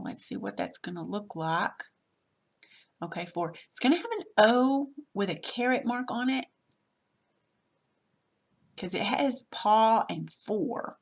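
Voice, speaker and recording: A woman teacher patiently walking through a worksheet lesson step by step, recorded over her screen. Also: mid-range voice.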